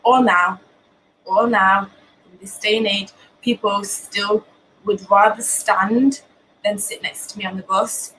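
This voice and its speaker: A young woman from Britain, hosting a live show from home and talking candidly with many pauses and restarts. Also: medium pitch, fairly even intonation, a bit bright, a little hiss or hum, poor audio. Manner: earnest, many ums and restarts. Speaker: host of a live talk show. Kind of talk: candid personal talk.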